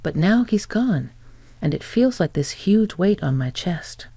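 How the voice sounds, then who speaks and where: A woman's voice: on the low side, expressive, a little slow, warm tone, dry recording. A woman voicing a grieving young man, angry and remorseful, in a plain storybook reading.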